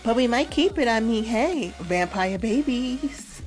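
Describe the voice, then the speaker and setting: A woman's voice: on the high side, expressive, takes it slowly, faint music behind. A woman hosting a gameplay video, chatting playfully and casually with slangy asides. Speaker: let's play host.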